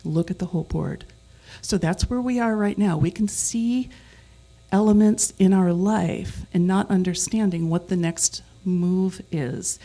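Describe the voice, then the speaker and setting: A woman's voice: mid-range voice, steady tone, measured pace, warm tone. A middle-aged woman giving a conversational sermon as guest speaker, leading the congregation in repeating phrases together. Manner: leads the congregation in call-and-response repetition; conversational, with self-corrections.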